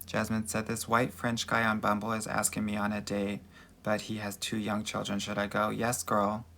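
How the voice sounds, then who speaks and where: A man's voice: on the low side, completely flat delivery, moderate pace, bright, forceful tone, a little hiss or hum. A man working as a dating coach, answering viewer comments in a chatty livestream Q&A with a Valley Girl voice and mannerisms, calling everyone girl and honey.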